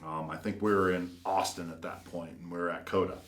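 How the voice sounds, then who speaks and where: A man's voice: sits low, fairly even intonation, fairly quick, fairly bright tone. A man who builds custom cars tells casual, rambling anecdotes full of fillers and acted-out quotes. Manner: rambling, filler-heavy, acts out quoted voices. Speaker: custom car builder and shop owner. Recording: roomy echo.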